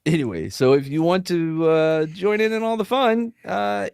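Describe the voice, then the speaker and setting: A man's voice: high-pitched, lively intonation, moderate pace, creaky, a little mellow, smooth, no room sound, studio quality. A man hosting a casual podcast, reading listener email and correcting himself with a laugh. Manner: laughing, self-correcting, joking. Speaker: podcast host.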